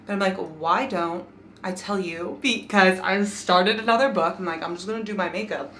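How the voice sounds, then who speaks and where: A woman's voice: mid-range voice, normal speed, fairly bright tone, slight background noise. A young woman chatting casually in a reading vlog at home, gushing about books, laughing often and swearing freely. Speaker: book vlogger. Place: home, bathroom while doing makeup.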